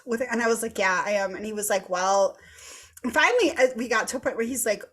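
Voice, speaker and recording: A woman in her thirties with a fairly high voice tells a candid story in casual podcast chat. She is animated and swears freely, acting out the dialogue as she goes. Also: quick pace. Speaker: podcast co-host.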